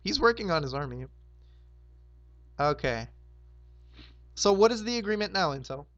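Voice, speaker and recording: A hoarse young man hosting a roleplay game, casually recapping the map in a rambling, laid-back way with lots of fillers. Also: high voice, very animated, moderate pace, a bit bright, dry recording, lo-fi sound. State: hoarse, sore throat.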